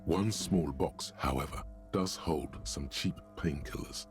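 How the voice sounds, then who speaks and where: A man voicing a wry game narrator, reading grim lists in a dry, deadpan way with a gravelly voice. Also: rumbling low, measured pace, over music.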